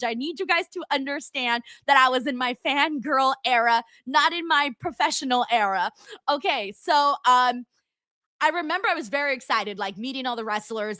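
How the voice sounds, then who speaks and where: A woman's voice: high voice, sharp tone, dry recording. A woman in her twenties hosting a casual livestream chat, bubbly and giggly, repeating words for emphasis. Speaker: livestream host reading chat.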